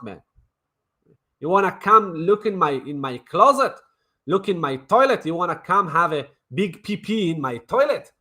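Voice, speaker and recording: Man, crypto streamer, brash and mocking, fairly high voice, repeats himself a lot. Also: sing-song, unhurried, bright, forceful tone. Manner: brash, mocking, swears, lots of repetition. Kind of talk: casual livestream commentary.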